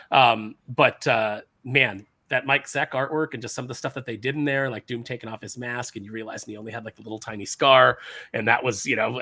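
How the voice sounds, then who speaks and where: A man talking comics on a casual panel show, eager and rambling, full of "um" and "you know". His voice is bright and forward. The sound is dry and close. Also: medium pitch, no room sound. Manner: enthusiastic, rambling with many fillers. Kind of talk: casual chat.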